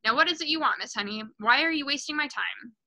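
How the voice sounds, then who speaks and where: A woman's voice: high-pitched, animated, quick pace, sharp tone, pitched above the performer's own voice, heavily acted, poor audio. A woman reading aloud and voicing a huge, bullying female headmistress who barks and mocks. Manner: barking, snapping, mocking.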